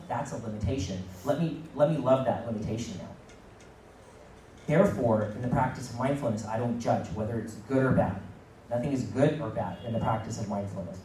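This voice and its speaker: A man's voice: mid-range voice, warm tone, a little hiss or hum. A middle-aged man giving a motivational keynote talk, repeating phrases for emphasis and acting out quoted dialogue. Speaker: keynote speaker. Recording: echoey room, mic at a distance.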